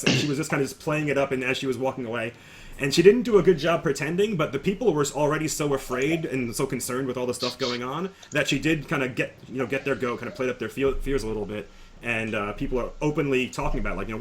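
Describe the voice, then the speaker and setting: A man's voice: medium pitch, fast talker, a bit bright. A man recapping the last session of a tabletop game as game master, rambling with fillers.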